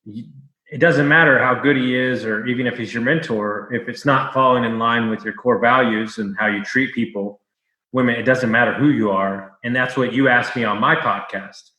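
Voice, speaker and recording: A man's voice: mid-range voice, pushed and bright, lo-fi sound. A man hosting a podcast, chatting casually and jumping in eagerly to support his guest. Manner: eager, supportive, quick to jump in. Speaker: podcast host. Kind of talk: casual chat. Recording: echoey room.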